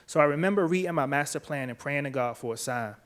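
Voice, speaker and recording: A man, earnest and measured, telling his own story on stage to an audience. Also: on the high side. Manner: earnest, measured, quiet at emotional moments. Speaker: author and speaker. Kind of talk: personal storytelling talk, then interview answers. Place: event stage before a live audience.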